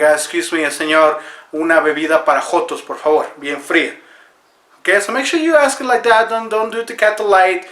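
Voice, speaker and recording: A man hosting a deadpan mock tutorial, earnest and full of fillers. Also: high-pitched, echoey room. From Mexico. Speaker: comedy video host.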